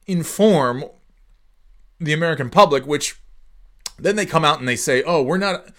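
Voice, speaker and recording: A man's voice: fairly high pitch, lively intonation, moderate pace, a bit bright. A man ranting casually on his podcast, profane and exasperated, rambling with lots of restarts. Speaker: podcast host. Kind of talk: casual rant.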